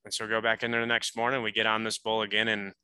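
A man telling a hunting story as a podcast guest, animated and full of casual fillers. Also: lowish voice, racing, clean tone, no room sound, low-quality recording.

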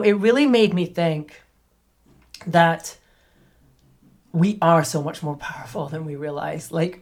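Candid chatty woman, low voice. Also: darkish tone. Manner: candid, chatty, full of fillers and asides. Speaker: podcast host. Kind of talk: personal storytelling monologue.

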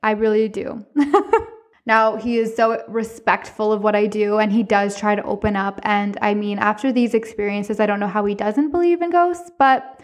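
A woman hosting a podcast, telling personal stories in a casual, expressive way with frequent laughter. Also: medium pitch, moderate pace. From Canada. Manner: expressive, chatty, laughs often; speaks candidly, with some swearing. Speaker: podcast host.

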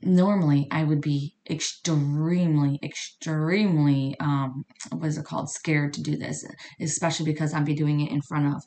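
A woman's voice: deep voice, normal speed, slight background noise. A woman hosting a podcast, telling a personal story in a casual, chatty way and acting out the dialogue. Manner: chatty, animated, acts out quoted dialogue. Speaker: podcast host.

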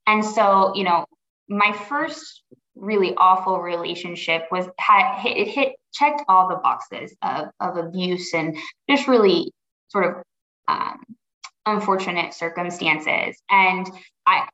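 A woman's voice: on the low side, sharp tone. Earnest woman guest, roomy dull sound. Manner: earnest and reflective, pausing to rephrase. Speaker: podcast guest. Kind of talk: personal story in a podcast interview.

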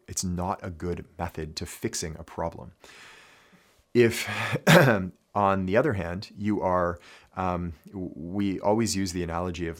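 A man giving an instructional talk on athlete mindset as a coach, earnest and repeating his key phrases with frequent check-ins like "right?". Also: low voice.

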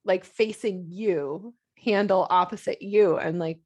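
A woman's voice: mid-range voice, measured pace, darkish tone, husky. A woman co-hosting a podcast as a homeschooling parent, telling a rambling story in casual chat with lots of filler words. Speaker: podcast co-host.

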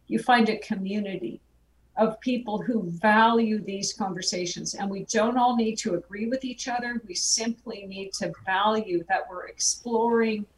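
A woman's voice: mid-range voice, steady tone, moderate pace. A woman who is a guest filmmaker, speaking in a heartfelt, reflective way in an interview. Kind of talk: conversational interview. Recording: roomy and distant, faint background noise.

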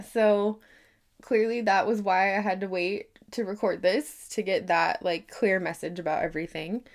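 A woman hosting a casual solo podcast, rambling and earnest, with lots of filler words and swearing, growing emphatic when she makes a point. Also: mid-range voice. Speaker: podcast host.

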